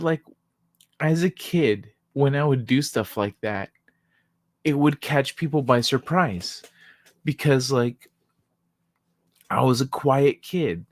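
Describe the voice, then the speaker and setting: A live-stream host spins a childhood story for the chat at a slow, unhurried pace, breaking into laughter again and again. The talk is loose and peppered with swearing. The voice sits dry and close, with no room sound around it. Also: medium pitch, lively intonation, dry recording. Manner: laughs often, loose and profane.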